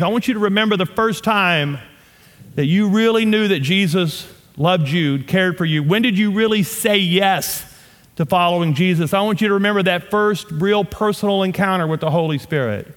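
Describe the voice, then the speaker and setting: A man's voice: sits high, fairly bright tone, in a large hall. A man in his fifties with a Southern US accent, from North Louisiana, preaching a sermon with impassioned emphasis and humorous asides. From North Louisiana, USA. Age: 50s. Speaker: pastor.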